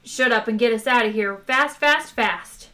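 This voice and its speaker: A woman doing a loud, cocky space rogue. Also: fairly high pitch, moderate pace. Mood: brash. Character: brash, boastful male space adventurer.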